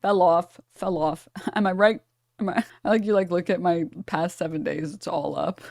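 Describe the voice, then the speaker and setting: A woman's voice: lowish voice, steady tone, moderate pace, gravelly, darkish tone, dry recording. Blunt, mocking woman streamer, dry sound. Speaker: streamer reacting to clips. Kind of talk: casual reaction stream chat.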